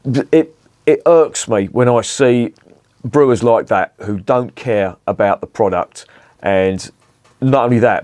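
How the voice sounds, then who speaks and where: A man's voice: lowish voice, slow, a little mellow, dry recording. A middle-aged man with a London accent, chatting casually and bluntly on a beer review vlog, rambling and swearing at home.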